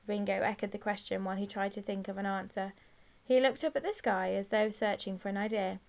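A woman narrating a children's audiobook in a clear, measured reading. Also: mid-range voice, steady tone, darkish tone. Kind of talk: scripted storybook narration.

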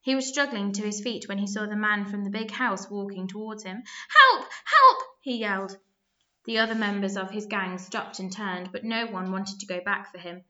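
A woman narrating a children's story aloud, lively and expressive, with small slips. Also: medium pitch, a little fast, few pauses, dull audio.

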